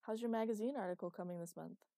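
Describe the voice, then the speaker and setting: Woman narrator as a wry young guy, teasing, patient, mellow tone, dry sound. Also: medium pitch, quick pace, vocal fry, no echo, natural voice.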